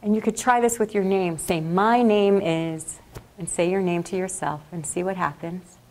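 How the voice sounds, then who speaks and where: Woman calmly guiding a meditation. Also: lowish voice. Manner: slow, calm, soothing guidance. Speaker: workshop leader. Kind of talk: guided meditation. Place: classroom or workshop.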